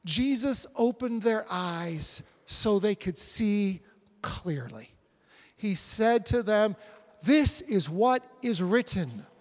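A man in his forties preaching a sermon, animated and acting out scripture scenes. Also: high voice, slow pace, in a large hall. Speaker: pastor.

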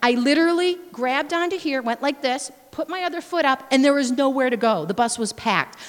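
A woman's voice: high voice, fairly quick. A woman missionary giving a sermon full of personal stories, acting out scenes and exclaiming praise. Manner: lively storyteller, acts out scenes, exclaims praise. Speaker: missionary speaker. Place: church sanctuary. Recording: long reverb of a large church hall.

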